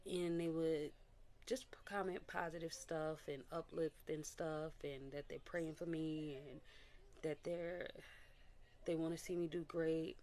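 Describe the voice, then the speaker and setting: Candid woman vlogger, low voice. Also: unhurried. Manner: candid and animated, with quoted voices and little laughs. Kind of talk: casual personal testimony.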